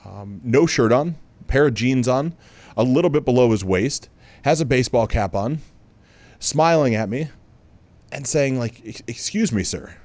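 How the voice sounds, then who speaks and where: A man hosting a podcast, telling a personal story in a relaxed, conversational way with many asides and restarts. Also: medium pitch, measured pace, pauses often, dry recording. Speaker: podcast host. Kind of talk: storytelling monologue.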